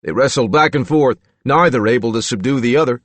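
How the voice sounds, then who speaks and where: A man narrating a true-crime audiobook in a measured storytelling manner. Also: medium pitch, dry recording. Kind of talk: scripted narration.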